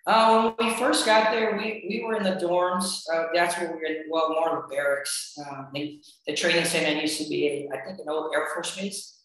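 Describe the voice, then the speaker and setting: A man's voice: a little high, moderate pace. A man, a wrestling coach, telling stories in a casual interview with many fillers and restarts. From United States. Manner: relaxed, rambling, frequent fillers and restarts. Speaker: wrestling coach and podcast guest. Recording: very echoey room.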